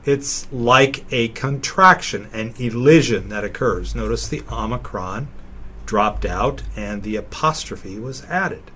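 Slow, deliberate male language teacher. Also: mid-range voice, lively intonation, sharp tone, husky. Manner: slow, deliberate, sounding out words. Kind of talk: recorded slideshow lecture.

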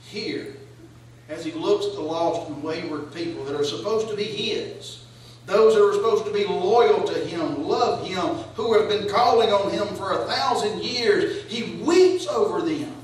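High-voiced preacher in an echoey church. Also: male voice, unhurried, a little hiss or hum. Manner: preaching with rising, questioning cadence. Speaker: pastor. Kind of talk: sermon. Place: church sanctuary. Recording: echoey church hall, voice from far off.

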